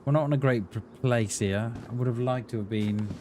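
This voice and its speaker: Game sounds come through clearly as this streamer talks briskly in a dark, mid-range voice. Casual and rambling, he banters with viewers mid-play, addressing them as "mate" and "buddy."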